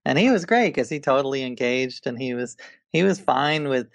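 Gravelly-voiced man telling stories eagerly. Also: medium pitch, lively intonation, normal speed, no echo. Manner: enthusiastic storyteller with frequent restarts. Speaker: author and guest. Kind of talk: casual interview conversation.

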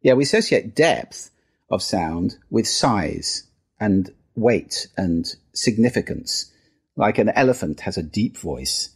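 Husky, lively-voiced middle-aged man. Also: slow pace. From United Kingdom. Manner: demonstrative, plays with pitch and register while explaining. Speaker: guest, sound and listening expert. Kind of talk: podcast interview.

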